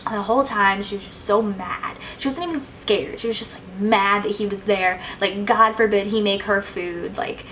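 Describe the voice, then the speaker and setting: A woman's voice: mid-range voice, fairly even intonation, normal speed, hardly any pauses, a bit bright, a little hiss or hum, low-quality recording. A young woman answering viewer questions in a casual vlog, chatty and gushing, with plenty of "like"s and fillers. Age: young adult. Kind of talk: casual Q&A chat.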